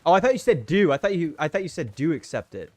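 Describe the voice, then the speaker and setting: A man's voice: a little high, big pitch swings, fast talker, a little mellow. A young man livestreaming a video game, ranting and swearing in exasperation while talking casually to his viewers.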